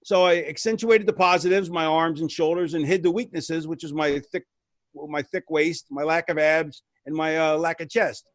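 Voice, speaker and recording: Guy with a high voice telling long rambly stories, super dry close sound. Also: normal speed, no room sound. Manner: rambling, restarts, lively retelling with voices. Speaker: retired wrestler guest. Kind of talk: casual storytelling.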